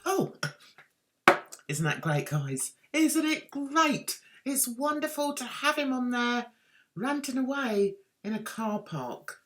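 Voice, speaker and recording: A woman delivers exasperated, mocking commentary on a video. Her voice sits high and swoops widely. She talks at a slow, deliberate pace. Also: big pitch swings, fairly bright tone. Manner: sarcastic, exasperated, laughing. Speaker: YouTube commentator.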